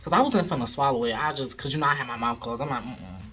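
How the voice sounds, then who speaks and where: A man telling a frank, animated story straight to his viewers, casual vlog style, recorded at home. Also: medium pitch, rapid-fire, faint music behind. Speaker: storyteller vlogger.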